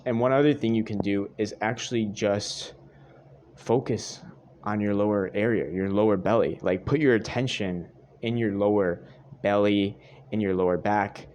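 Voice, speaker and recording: A man's voice: fairly low pitch, moderate pace, darkish tone. A young man giving earnest dating advice straight to his viewers, repeating his points and calling them guys. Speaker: dating coach. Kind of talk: direct-to-camera advice monologue.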